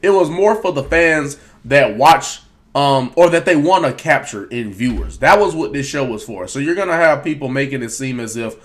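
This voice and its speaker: A man's voice: mid-range voice, lively intonation, normal speed. A man hosting a casual livestream, talking loosely with lots of repeated fillers. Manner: loose, repetitive, fills with "yo" and "all right". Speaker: wrestling commentary host. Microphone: wireless earbuds.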